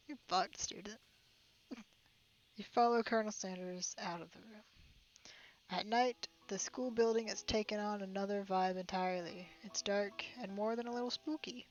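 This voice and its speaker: A woman's voice: medium pitch, fairly even intonation, measured pace, pauses often, muffled recording. A young woman streaming a game, reading it aloud and reacting with incredulous, laughing, sweary remarks.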